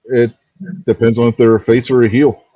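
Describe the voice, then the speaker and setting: A man's voice: medium pitch, level tone, fairly quick, no echo, dull audio. A man co-hosting a casual wrestling talk show, rambling a little and laughing easily as he talks. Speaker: podcast co-host.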